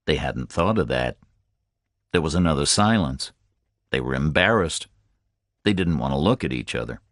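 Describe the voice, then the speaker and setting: A man's voice: very deep voice, expressive, normal speed, long pauses, fairly bright tone, no echo, clean studio sound. A man narrating a first-person audiobook in terse, clipped sentences.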